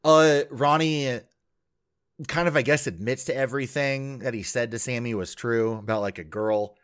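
A man's voice: mid-range voice, normal speed, clean tone. A man co-hosting a podcast, recapping a reality show in rambling casual chat full of fillers and laughs. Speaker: podcast co-host.

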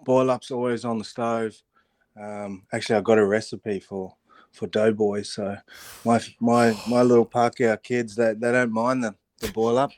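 A middle-aged man, a rugby pundit on a weekly radio spot, telling stories in an animated way, laughing often and restarting his sentences. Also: fairly low pitch, moderate pace, dry recording. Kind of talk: casual radio chat.

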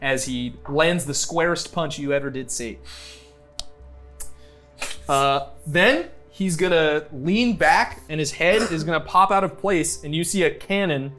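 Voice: medium pitch, normal speed, soft background music. A game master narrating a tabletop game in a playful way, with lots of "uh" and "um". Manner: playful, animated narration with many fillers.

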